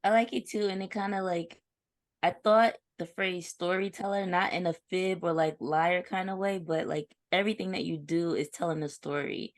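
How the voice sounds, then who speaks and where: A woman podcast co-host with a fairly low voice chats with her guest. She tells stories in an animated, conversational way. The recording is dry and close. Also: normal speed, dry recording. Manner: chatty, storytelling, animated retelling. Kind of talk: casual interview chat.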